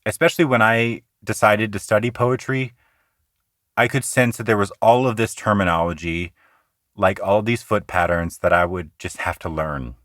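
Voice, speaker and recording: Earnest lower-voiced man teaching poetry. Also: fairly even intonation, a bit bright, no room sound, studio quality. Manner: earnest, explanatory, slows down to recite lines rhythmically. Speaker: podcast host teaching poetry. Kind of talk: explanatory poetry lesson.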